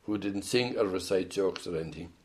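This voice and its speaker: A man's voice: low voice, fairly quick, darkish tone. An older man with an Irish accent telling rambling stories in an oral history interview, full of hesitant restarts. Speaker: interviewee, former band musician.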